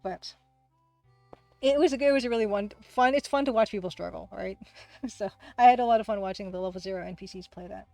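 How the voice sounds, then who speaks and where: A woman hosting a casual livestream, who talks fast, rambles through chat replies, laughs often and pokes fun at herself. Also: mid-range voice, creaky, darkish tone, dry recording, faint music behind. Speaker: livestream host and game artist.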